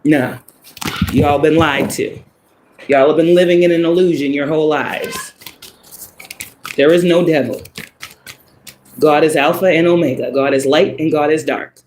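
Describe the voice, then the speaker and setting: Brief: male tarot reader with a fairly high voice, blunt, swears a lot, laughs between points, echoey room. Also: fairly even intonation, unhurried, pauses often, a little mellow, a little hiss or hum. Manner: profane, emphatic, laughs often. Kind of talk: casual spoken tarot reading.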